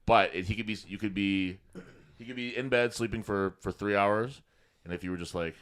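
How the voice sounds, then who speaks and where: A man's voice: on the low side, moderate pace, fairly bright tone. A man co-hosting a podcast, telling stories in casual chat, swearing and laughing often. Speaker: podcast co-host.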